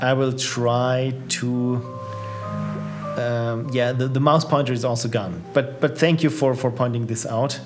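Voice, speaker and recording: A man's voice: medium pitch, steady tone, a little slow, music in the background. A man in a mid-range voice talks through indie games on a live stream, recorded on a desk microphone. He is chatty and upbeat, reacting aloud with small restarts as he plays. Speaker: streamer playing viewers' games. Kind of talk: casual live-stream commentary.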